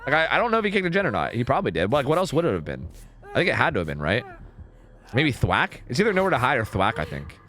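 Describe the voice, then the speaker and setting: A young man streaming a game, talking casually and swearing as he thinks out loud. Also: mid-range voice, racing. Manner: animated, profane, thinks out loud. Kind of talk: casual live-stream gameplay commentary.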